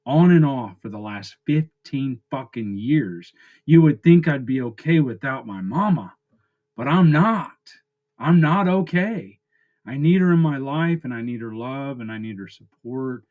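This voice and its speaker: A man speaks in a raw, halting way and is close to breaking down. His voice sits at an ordinary pitch for a man, and he sounds tearful as he pours out his feelings in a personal vlog. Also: phone-quality sound. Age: 40s. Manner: raw, halting, emotional confessional talk. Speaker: vlogger. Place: his friend's house.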